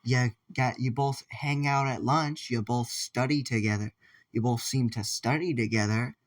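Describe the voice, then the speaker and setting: A man's voice: mid-range voice, fairly even intonation, normal speed, natural voice. A man voicing a pushy, jealous teenage boy classmate who questions insistently.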